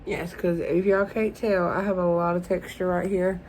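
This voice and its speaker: A young woman chatting through a casual beauty unboxing vlog, gushing and openly emotional as she talks to her viewers. Her voice sits a little low for a woman. A faint hiss runs under the recording. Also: level tone, normal speed, a little mellow, poor audio. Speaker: beauty vlogger.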